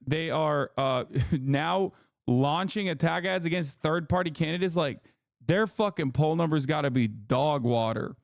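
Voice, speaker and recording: A man's voice: fairly high pitch, measured pace, no room sound, clean studio sound. A man hosting a livestream, chatting casually and ranting with a lot of profanity. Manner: profane, ranting, animated rambling. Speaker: streamer host.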